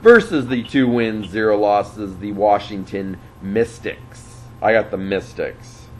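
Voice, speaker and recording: Slow, low-voiced man reading sports picks. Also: lively intonation, darkish tone, slight background noise, rough recording. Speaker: co-host of a sports picks show. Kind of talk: casual sports picks chat.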